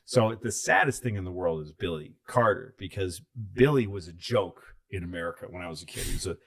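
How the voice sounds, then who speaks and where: A man's voice: low voice, animated, a little fast. A comedian in his fifties, telling rambling, profane stories in casual chat.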